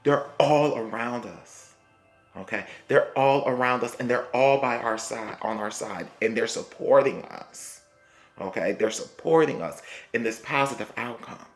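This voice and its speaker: A man giving a spiritual tarot reading, speaking slowly and repeating himself, often checking in with "okay?". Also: medium pitch, faint music behind. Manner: slow, repetitive, reassuring, punctuated by "okay?". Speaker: tarot reader.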